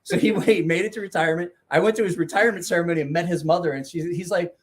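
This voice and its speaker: A man's voice: high-pitched, fairly even intonation, very fast, husky. A middle-aged man telling crude stories in casual chat, swearing and mimicking the people in them. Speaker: podcast guest telling stories.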